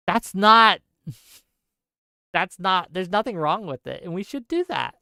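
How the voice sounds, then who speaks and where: Impassioned man on a crisp, dry mic. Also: high voice, very animated, takes it slowly, bright, forceful tone, no echo. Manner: impassioned, repeats himself for emphasis; checks in with listeners with "right?". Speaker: livestream host. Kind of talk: political commentary livestream.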